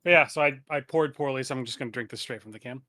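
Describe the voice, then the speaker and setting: A man co-hosting a podcast, chatting in a relaxed, upbeat way with many fillers. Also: mid-range voice, very fast, heavy background noise. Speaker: podcast co-host. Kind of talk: casual chat.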